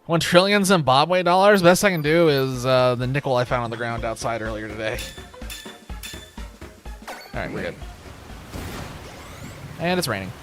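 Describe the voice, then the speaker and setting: A man's voice: medium pitch, moderate pace, pauses often, music in the background. A man chatting casually while livestreaming a game, joking, rambling and laughing often. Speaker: streamer. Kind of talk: casual gaming livestream chat.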